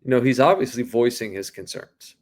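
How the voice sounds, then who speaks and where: A man's voice: medium pitch, a little fast, darkish tone. A man co-hosting a sports podcast, rambling with lots of restarts and casual swearing. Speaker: podcast co-host.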